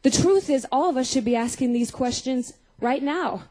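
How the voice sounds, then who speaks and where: A woman's voice: sits high, moderate pace, mellow, low-quality recording. A young woman giving a personal testimony sermon, telling stories, acting out scenes and putting questions to her audience. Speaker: speaker at a Christian youth gathering.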